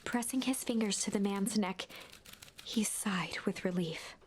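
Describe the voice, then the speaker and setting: A woman narrating a storybook game in a hushed, measured way that drops to a whisper at tense moments. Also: mid-range voice, noisy background. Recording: game narration over loud music.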